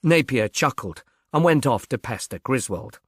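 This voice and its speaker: A man narrating a novel aloud in a measured, even storytelling manner. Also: medium pitch, breathy edge, no room sound, clean studio sound. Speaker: audiobook reader. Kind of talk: scripted narration.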